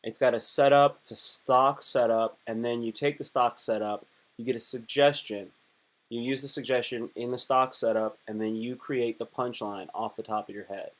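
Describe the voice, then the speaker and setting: A man's voice: mid-range voice, normal speed. Chatty male comedian on a livestream. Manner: chatty, animated, rambling with restarts. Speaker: comedian and live streamer. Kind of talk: casual livestream talk.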